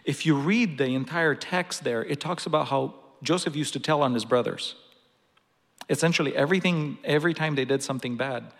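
A man's voice: on the high side, a little fast. A man preaching a sermon, telling a personal story earnestly with some restarts. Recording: long reverb of a large hall.

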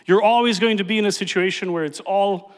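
A man's voice: high voice, a little fast. A man pastor preaching a sermon, emphatic and repeating key phrases for effect. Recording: reverberant hall.

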